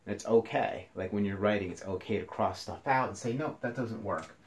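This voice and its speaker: A man teaching a class, explaining slowly and counting syllables aloud to his students. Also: lowish voice. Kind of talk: classroom lesson video. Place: indoors, near a passing train.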